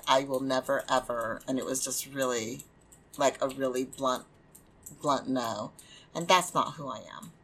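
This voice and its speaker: A woman's voice: very deep voice, fairly bright tone, slightly rough. A woman hosting a podcast, talking candidly and casually, venting with lots of fillers. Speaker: podcast host and small press publisher. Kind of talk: casual solo podcast talk.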